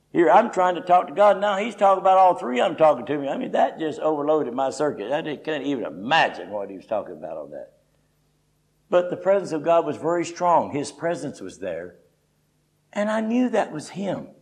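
A man's voice: fairly high pitch, creaky, darkish tone, poor audio. Folksy, emphatic male preacher. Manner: emphatic, folksy, frequent "you know". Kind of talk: conversational sermon.

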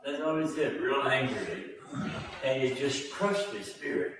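A man's voice: medium pitch, animated, a little slow. A male preacher telling a story in a conversational sermon, voicing the people in it. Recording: echoey hall from far off with faint noise.

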